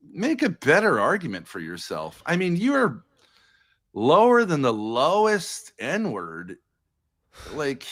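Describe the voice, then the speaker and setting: A man argues hard on a live stream, blunt and profane, hammering his points. His pitch swings widely as he presses on, jumping high, then dropping low. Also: wildly swooping pitch, slow, a bit bright. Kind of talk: heated argument on a live stream.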